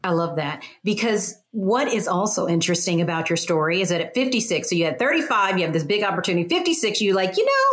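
A woman's voice: lowish voice, very animated, a little fast, few pauses. A woman hosting a podcast, interviewing her guest with enthusiasm. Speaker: podcast host.

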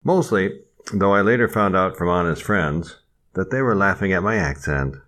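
A man's voice: low voice, lively intonation, moderate pace, fairly bright tone. An older man with a Midwestern American accent, co-hosting a podcast and telling stories in a teasing, theatrical way. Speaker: podcast co-host. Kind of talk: casual comic chat and storytelling.

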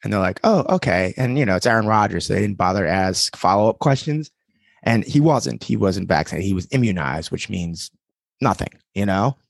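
A man's voice: on the low side, lively intonation, fairly quick, gravelly, no echo, studio quality. A man in casual podcast chat, telling stories in a blunt, wry way.

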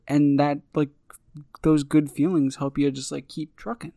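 A podcast co-host in casual chat, playful and quick to laugh. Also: mid-range voice, steady tone, creaky, mellow, no echo, clean studio sound.

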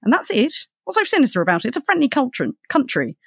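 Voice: sits high, wildly swooping pitch, fast talker, vocal fry, a bit bright, slightly rough, no room sound, clean studio sound, pitched above the performer's own voice, full character voice. A podcaster reading aloud as a flustered, defensive middle-aged man who answers in a huffy tone.

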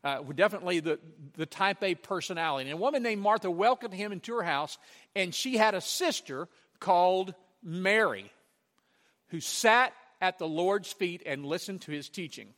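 Animated, bright-voiced male preacher. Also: high-pitched, normal speed, big-room sound. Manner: animated storytelling, emphatic. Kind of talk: sermon.

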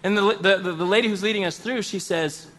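Male comic storyteller, high bright voice, animated and self-mocking. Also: fast. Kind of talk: comedic personal storytelling.

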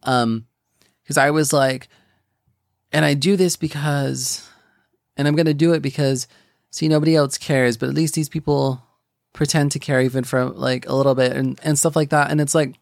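Gravelly young man sharing a faith story. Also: mid-range voice, steady tone, no room sound, studio quality. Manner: rambling, halting, many restarts and fillers. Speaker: podcast host. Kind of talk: personal faith testimony.

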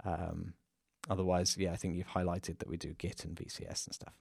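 Low, gravelly English man, relaxed co-host explaining things plainly, dry close mic. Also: fairly quick, no echo. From England. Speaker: course creator and co-host. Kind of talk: casual livestream Q&A.

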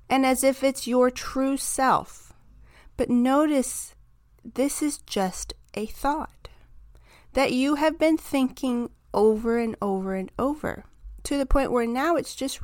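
A woman hosting a self-help podcast, talking through her ideas in a calm, reflective, encouraging monologue. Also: fairly high pitch, dry recording, studio quality. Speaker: podcast host.

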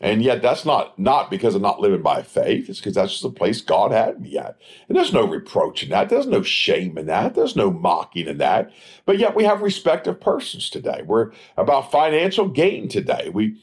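A man's voice: fairly low pitch, wildly swooping pitch, moderate pace, slightly rough. A man preaching a Bible study in a sermon style, asking rhetorical questions and answering them himself. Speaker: preacher, former evangelist.

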